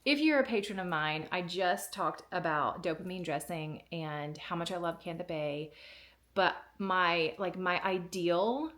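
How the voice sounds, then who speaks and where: A woman vlogger unboxing a package in a casual, excited way, gushing and close to tears. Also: lowish voice, a little slow.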